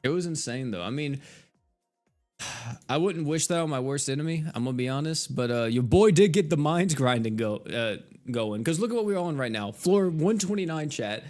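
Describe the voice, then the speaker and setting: A man's voice: a little high, lively intonation, moderate pace, a little mellow, faint music behind. An American man in his twenties, a game streamer telling a story in casual chat, exasperated, swearing freely and laughing as he goes. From United States. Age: 20s.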